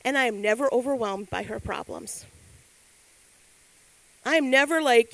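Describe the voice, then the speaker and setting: A middle-aged woman giving a sermon, telling stories with lively acted-out quotes. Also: fairly high pitch, moderate pace, vocal fry, pauses often, dry recording, low-quality recording. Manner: animated storytelling with acted quotes. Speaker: speaker.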